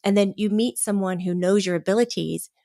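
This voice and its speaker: A woman's voice: medium pitch, fairly quick, creaky, warm tone, no echo, studio quality. A middle-aged woman guest telling a story in casual chat, laughing often and acting out the people she quotes. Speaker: podcast guest, medium.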